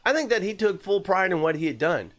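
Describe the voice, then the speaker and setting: A man with a slightly higher voice hosts a podcast and tells a true-crime story. His delivery is loose and conversational. He uses plenty of fillers and the occasional blunt curse word. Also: animated, fairly quick, a bit bright.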